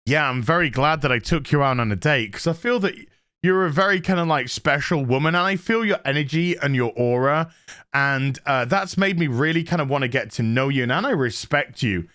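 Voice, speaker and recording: A man's voice: a little high, fairly quick, fairly bright tone, no room sound, clean studio sound, voice pushed down, lightly acted. A man doing a rambling, earnest young dater. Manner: earnest, rambling, full of filler. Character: smooth-talking young male reality-show dater.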